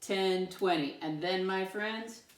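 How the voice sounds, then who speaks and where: A woman teacher giving a first-grade math lesson, talking to young children in an animated, encouraging way. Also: mid-range voice, slow pace, slight background noise. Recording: echoey room, mic at a distance.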